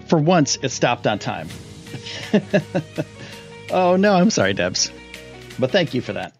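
A young man hosting a live stream, chatting casually and rambling with lots of fillers, his voice jumping up when he gets excited. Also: medium pitch, measured pace, faint music behind. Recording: dull lo-fi stream audio.

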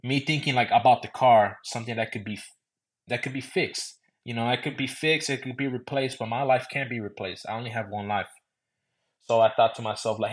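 A man's voice: mid-range voice, brisk. A young man from San Antonio, Texas, casually telling a personal story with loose, repetitive phrasing. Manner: loose, conversational, repeating "I remember". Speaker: podcast host.

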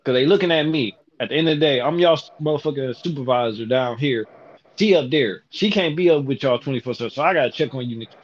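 A man's voice: on the high side, lo-fi sound. Brash, profane man telling stories. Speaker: storyteller. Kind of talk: casual storytelling.

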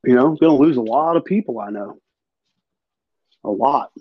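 A man's voice: mid-range voice, expressive, moderate pace, breathy edge, no room sound, narrow, tinny audio. A man hosting a podcast, talking in an emphatic, profane, ranting way. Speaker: podcast host. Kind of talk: casual political chat.

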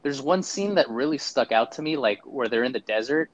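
A man's voice: mid-range voice, expressive, brisk, no room sound, low-quality recording. A man co-hosting a podcast, giving a casual, sarcastic movie review and acting out mocking quotes. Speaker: podcast co-host.

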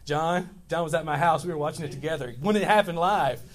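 A man in his fifties from Louisiana, preaching a sermon as pastor, telling stories in an animated, rambling way with many restarts. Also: on the high side, fast.

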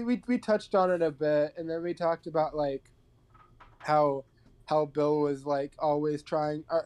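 A man's voice: on the high side, a little mellow, clear, resonant tone. A man co-hosting a podcast, chatting casually about a film in a hesitant way, full of fillers and restarts. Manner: hesitant, fills with many "like"s and "um"s. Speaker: podcast co-host.

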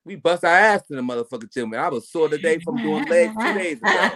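A man co-hosting a podcast in casual chat, ranting in a profane, animated way. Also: fairly high pitch, fast talker, a crowd in the background. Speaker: podcast co-host.

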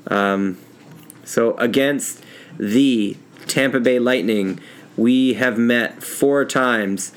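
A man's voice: mid-range voice, drawn-out words, clean tone. A man chatting casually about hockey, rambling with many ums while looking up team stats.

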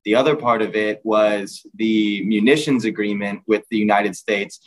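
A man's voice: fairly low pitch, steady tone, normal speed, rough recording. A young Texan man co-hosting a casual podcast, brash and joking, saying dude a lot. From Texas. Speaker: podcast co-host. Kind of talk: casual chat.

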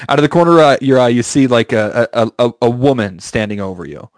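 A man's voice: medium pitch, brisk, no room sound. A young man telling an improvised comic story to friends, rambling, playful and laughing often. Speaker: podcast co-host telling a story. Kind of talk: casual comedic chat, improvised storytelling.

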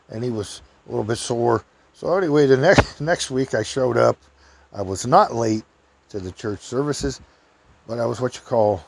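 The recording is dry, and the older man's voice is gravelly as he casually meanders through a personal story. He chuckles frequently and acts out others' dialogue in a raised, high voice.

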